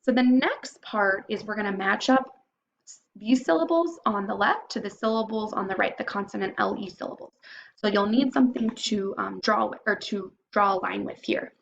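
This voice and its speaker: A woman teacher giving a phonics lesson to young students, patiently sounding out syllables slowly and clearly. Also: medium pitch, fairly bright tone, highs cut off, a little hiss or hum.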